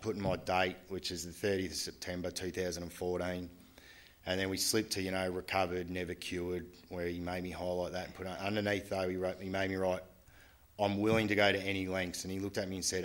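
A man giving a candid, halting personal testimony to a group at a recovery meeting, often restarting his sentences. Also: low voice. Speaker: speaker sharing at a recovery meeting.

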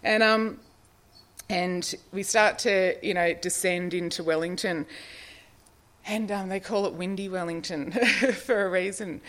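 A middle-aged Australian woman with a low voice shares a personal recovery story. She rambles a little, leans on fillers and laughs at herself often. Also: unhurried, a bit bright. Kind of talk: personal testimony, casual storytelling.

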